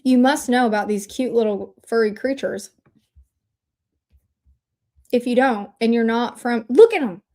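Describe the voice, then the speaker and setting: A woman from Indiana hosting a casual livestream, bubbly and excitable, chatting straight to her viewers. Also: a little high. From Indiana, USA. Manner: bubbly, excitable, talks to chat. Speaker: livestream host.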